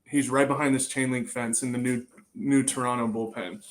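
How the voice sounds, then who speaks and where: A young man in a relaxed podcast conversation, spinning lively stories at an easy pace. His voice sits in an ordinary middle pitch, and he often trails off and picks his sentences back up as he goes. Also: moderate pace, rough recording. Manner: lively storytelling, trailing off and restarting. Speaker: guest, bullpen catcher. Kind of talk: casual podcast chat.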